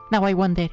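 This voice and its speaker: A woman voicing a gentle, caring young priestess who speaks softly and dreamily, in a visual novel reading. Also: medium pitch, pitched above the performer's own voice. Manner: soft, slow, dreamy.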